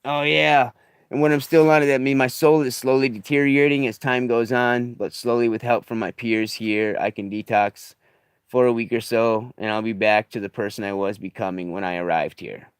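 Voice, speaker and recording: A man talking in a rambling, halting confessional video diary, emotional as he comes off substances, often trailing off quietly. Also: medium pitch, fairly even intonation, clear, resonant tone, no echo, studio quality. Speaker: vlogger. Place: living in a stuck bus in the desert.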